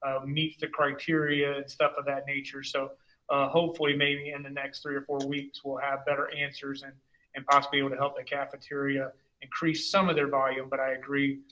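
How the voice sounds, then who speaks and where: A man's voice: medium pitch, sharp tone, highs cut off. A man giving a conversational, rambling report as superintendent at a school board meeting. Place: meeting room.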